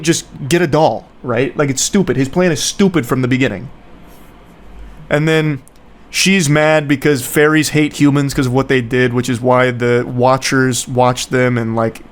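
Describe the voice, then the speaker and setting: A man in his thirties giving a casual, sarcastic movie review rant with lots of profanity, acting out the characters as he retells the plot. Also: medium pitch. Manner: sarcastic, profane, acts out characters mid-story. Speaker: commentator.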